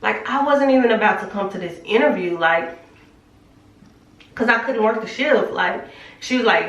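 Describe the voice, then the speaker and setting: Speaking at a measured pace with long pauses, the young woman has a medium-pitched, fairly bright voice, heard far from the mic in an echoey room. She is a vlogger giving a candid, chatty faith testimony in casual storytelling style, full of fillers.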